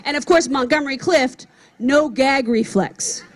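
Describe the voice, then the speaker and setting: A brash woman comedian tells profane stories in a chatty stand-up set. Her voice sits high. She talks into a stage microphone at an outdoor event. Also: measured pace, some chatter behind.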